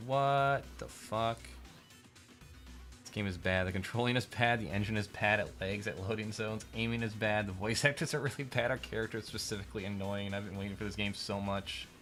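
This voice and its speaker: A man's voice: fairly low pitch, a bit bright. A male streamer giving blunt, exasperated reactions while reading game reviews. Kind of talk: casual live commentary.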